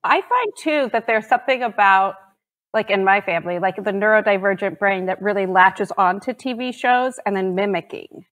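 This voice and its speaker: A woman's voice: mid-range voice, a bit bright. A woman guest on a podcast, talking reflectively and agreeing readily. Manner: agreeable, reflective, quick affirmations. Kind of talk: casual interview chat.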